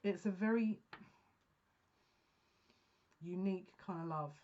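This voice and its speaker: Female psychic reader, heartfelt halting delivery, lowish voice, muffled lo-fi audio. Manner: earnest, emotional, halting restarts. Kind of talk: pick-a-card reading monologue. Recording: dull lo-fi sound.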